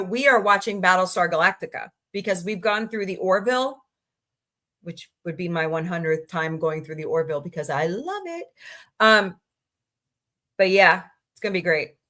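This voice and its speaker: Chatty woman hosting a fan livestream. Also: pushed and bright. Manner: chatty, rambling, reads chat aloud and greets viewers; laughs easily, voices reactions with sudden high squeals. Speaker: livestream host. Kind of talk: casual livestream chat.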